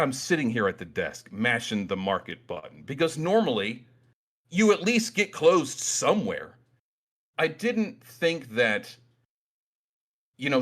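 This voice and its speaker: A man hosting a trading channel, telling a story about himself in a casual monologue at his desk, with animated, self-mocking outbursts. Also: mid-range voice. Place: small room at his desk.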